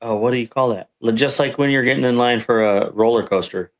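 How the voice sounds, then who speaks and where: A man's voice: mid-range voice, fairly quick. Man telling a rambling army story. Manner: rambling, self-correcting anecdote with acted-out quotes. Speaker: podcast guest veteran. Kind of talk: casual storytelling.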